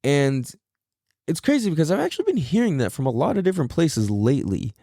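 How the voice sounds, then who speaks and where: A man's voice: fairly high pitch, very animated, fairly quick, dark tone, dry recording, studio quality. A tired young man hosting a casual solo podcast, talking in a laid-back, slangy way with a lot of swearing. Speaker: podcast host.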